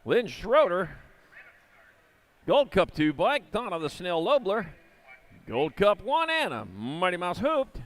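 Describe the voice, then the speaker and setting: A man's voice: high-pitched, wildly swooping pitch. A man announcing live BMX races in an indoor arena, rattling off rider names and moto numbers with corny jokes between heats. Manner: rapid-fire rider call-outs with corny jokes. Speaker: race announcer. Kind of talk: live race commentary.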